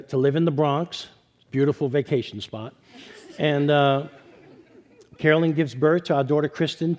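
A middle-aged man with a New York accent, a pastor telling his testimony to a congregation, lively when joking and low and quiet when serious. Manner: animated storytelling, turning low and quiet for serious parts. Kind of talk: sermon testimony.

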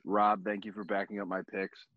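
A man co-hosting a casual podcast, animated and quick to jump in with surprise. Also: lowish voice, no echo. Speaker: podcast co-host. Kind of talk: casual chat. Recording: slightly muffled audio.

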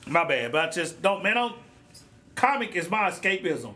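A man with a high, bright voice rants through a solo podcast episode, blunt and animated. His talk is slangy and loose, with the feel of a casual chat into a podcast mic. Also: moderate pace. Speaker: podcast host. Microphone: podcast microphone.

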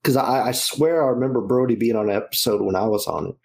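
A man chatting on a podcast, reacting quickly with wisecracks. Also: medium pitch, vocal fry, darkish tone. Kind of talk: casual chat.

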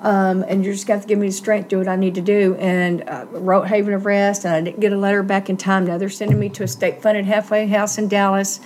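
A woman's voice: medium pitch, level tone, quick pace, hardly any pauses, a little mellow, a little hiss or hum. A middle-aged woman, earnestly telling a personal story in an interview and acting out the voices she quotes.

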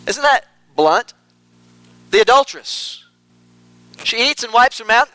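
A man's voice: sits high, moderate pace, pushed and bright, smooth, no room sound, poor audio. A man preaching an earnest sermon, repeating phrases for emphasis.

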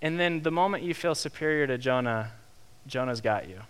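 A young man preaching a sermon in a lively, conversational way, acting out the quotes he tells. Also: mid-range voice, brisk, clear, resonant tone. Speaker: pastor.

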